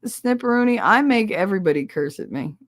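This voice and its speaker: A woman's voice: medium pitch, animated, brisk, no echo, studio quality. A middle-aged woman with a New Jersey accent, hosting a casual livestream chat, blunt and abrasive and cursing freely. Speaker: livestream host.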